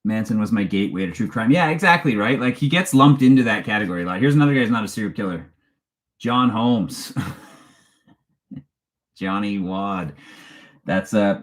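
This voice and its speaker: A man, hosting a casual live-stream chat in a rambling, chatty way and laughing often as he reads viewer questions aloud. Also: mid-range voice. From Canada. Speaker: true crime channel host.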